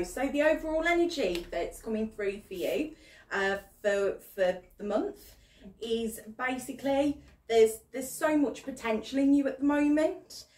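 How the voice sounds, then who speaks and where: A woman's voice: on the high side, roomy sound, distant mic. A woman giving an encouraging tarot reading as a guest, with frequent ums. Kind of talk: casual spoken tarot reading.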